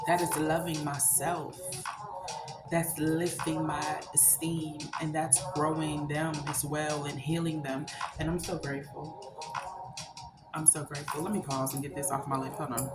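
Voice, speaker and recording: A woman's voice: sits low, little pitch movement, unhurried, long pauses. A woman giving an impassioned spiritual monologue, emphatic and preachy, swearing freely. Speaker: spiritual content creator. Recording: roomy echo with loud music behind.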